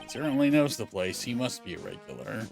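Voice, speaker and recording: A man's voice: medium pitch, animated, fairly quick, vocal fry, music in the background. A man reading the part of a polite young male lawyer asking questions, in a game read-along. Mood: questioning.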